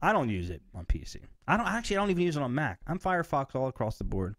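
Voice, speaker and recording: A man hosting a podcast in casual chat, expressive and giggly, with lots of fillers. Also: mid-range voice, rapid-fire, no room sound, studio quality. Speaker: podcast host.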